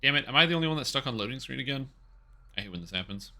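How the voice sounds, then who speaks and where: A man streaming a game, rambling through casual commentary, getting excitable and swearing casually. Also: mid-range voice, rapid-fire.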